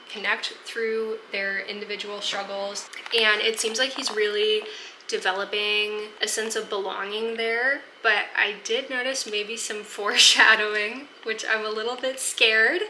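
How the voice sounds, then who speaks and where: A chatty woman vlogging about her reading, her voice very bright and her pitch held flat, talking in an echoey room with faint noise behind her. She gushes freely and leans on lots of likes and ums. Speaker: book vlogger. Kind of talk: casual reading vlog chat. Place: apartment at home.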